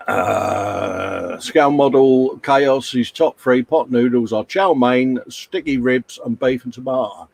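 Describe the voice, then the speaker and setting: Jokey live stream host. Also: male voice, mid-range voice, takes it slowly, gravelly, hardly any pauses, a little mellow, slightly rough, no echo. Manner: chatty, jokey, reads viewer comments aloud. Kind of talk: casual banter.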